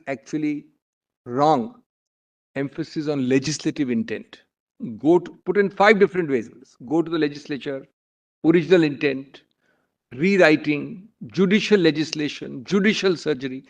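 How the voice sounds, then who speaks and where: Male senior advocate, Indian English, formal courtroom address, slightly high voice. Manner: formal, deferential, addresses the bench constantly. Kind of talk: courtroom argument.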